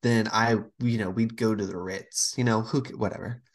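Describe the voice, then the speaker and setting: On a casual podcast, a female co-host with a bass voice talks at a moderate pace. She spins animated stories and acts out each quoted voice.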